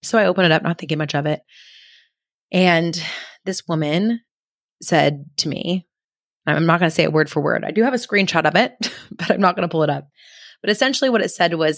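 A woman's voice: on the low side, brisk, long pauses, no room sound, studio quality. A woman hosting her own podcast as a motivational speaker, telling a personal story in a gushing, upbeat way with lots of "like" and "oh my gosh".

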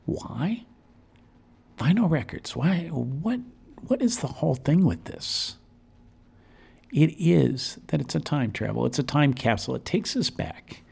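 A man's voice: a little high, animated, unhurried, vocal fry, a little mellow, slightly rough. A man hosting a community radio show from the studio, talking casually and enthusiastically in a rambling way. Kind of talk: casual on-air radio talk.

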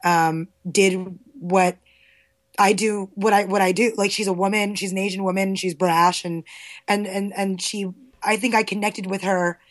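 A woman from Queens, New York, chatting as a guest, telling stories candidly with lots of restarts. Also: medium pitch. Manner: candid, animated storytelling with many restarts. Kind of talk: casual chat.

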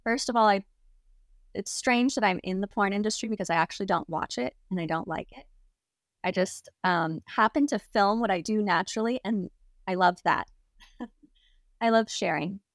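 A woman's voice: mid-range voice, moderate pace, dry recording, studio quality. A young adult woman, a guest on an interview show, telling a personal story casually and filling it with lots of "like". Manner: chatty, heavy use of "like" fillers.

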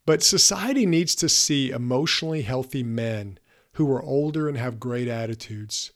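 A man's voice: mid-range voice, normal speed. A man in his fifties hosting a podcast, giving an earnest, emphatic motivational talk straight to his listeners. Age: 50s. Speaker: podcast host.

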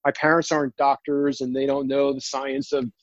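A man earnestly telling a personal story, near tears, halting and restarting often. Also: medium pitch, level tone, dry recording, dull audio. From New Jersey. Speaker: guest.

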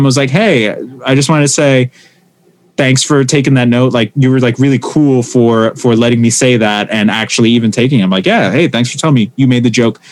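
A man, a stand-up comedian, talking casually and telling animated stories, acting out the voices of the people he quotes. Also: medium pitch. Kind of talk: casual conversation.

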